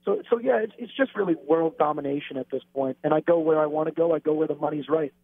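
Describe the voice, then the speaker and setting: Arrogant man, brash and taunting, fast-talking, tinny phone line. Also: fairly high pitch, dry recording. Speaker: wrestler being interviewed. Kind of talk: phone interview in heel character.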